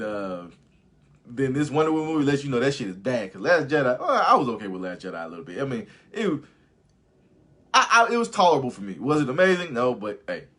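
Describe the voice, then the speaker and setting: A man hosting a casual live stream, talking animatedly with lots of swearing and laughter, and reading viewer comments aloud. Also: mid-range voice. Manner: animated, profane, laughs often. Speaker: host of a live movie review stream.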